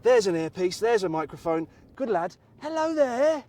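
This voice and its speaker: A man's voice: sits high, normal speed, a little mellow. An English man hosting a comic show on location, sarcastic and teasing in his banter. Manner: sarcastic, mock-posh banter. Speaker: host.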